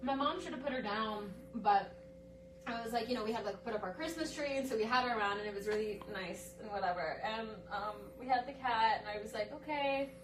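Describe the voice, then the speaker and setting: A woman's voice: fairly high pitch, a little fast, distant mic, noisy background. A young woman casually telling a long, rambling story on a phone livestream, laughing through it and acting out what others said. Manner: rambling, laughing through an anecdote, animated quoted voices. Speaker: livestream guest.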